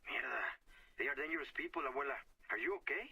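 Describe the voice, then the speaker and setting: Anxious young man calling his grandmother, raspy and bright-edged. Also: medium pitch, fast talker, dry recording, exaggerated voice. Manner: anxious and urgent.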